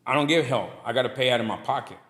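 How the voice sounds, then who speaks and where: A man's voice: mid-range voice, racing. A middle-aged man, a guest telling stories on a casual podcast and acting out the people he quotes. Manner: animated storyteller who acts out quoted people. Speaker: guest, barbershop owner and pastor.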